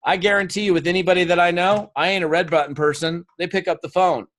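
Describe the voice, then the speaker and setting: A man's voice: high voice, fairly even intonation, fast, fairly bright tone. A man speaking live to an audience as a motivational speaker, coaxing them through an exercise and telling stories with acted quotes. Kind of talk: live seminar talk to an audience.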